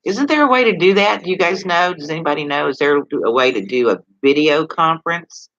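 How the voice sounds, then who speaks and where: A Texan man talks loosely to his livestream viewers, drifting from point to point and tossing questions at them. His voice is bright and forceful. The sound is dry and close, but dull and lo-fi. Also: fairly high pitch, animated, fairly quick, no room sound. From Texas. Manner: rambling, talks straight to viewers with many questions. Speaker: livestream host. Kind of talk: casual livestream chat.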